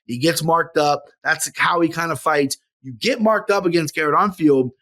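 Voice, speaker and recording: A man with a fairly high voice breaks down fights on a podcast. He talks in an animated way and swears casually. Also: normal speed. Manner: animated, profane, laughs easily. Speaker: podcast co-host and analyst. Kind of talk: casual sports podcast chat.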